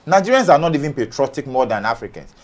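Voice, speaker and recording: This man from Ghana has a sing-song, mid-range voice and talks quickly. Sitting on an entertainment panel, he argues with heat and force, peppering his points with rhetorical questions.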